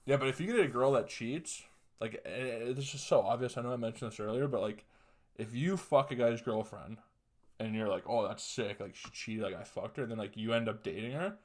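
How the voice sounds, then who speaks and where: A man's voice: medium pitch, animated, brisk. A young man hosting a podcast, telling a story in a casual way, crude and profane, chuckling often. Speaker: podcast host.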